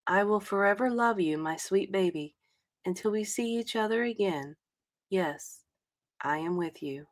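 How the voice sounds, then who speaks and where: A woman reading a sentimental passage aloud in a soft, tender, measured way. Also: mid-range voice.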